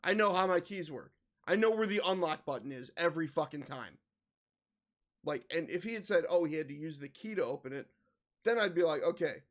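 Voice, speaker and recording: A man reacting to a horror story in comedic commentary, venting exasperation and swearing freely. His voice is notably high for a man. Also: animated, fairly quick. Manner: exasperated ranting, heavy swearing. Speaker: reaction video host.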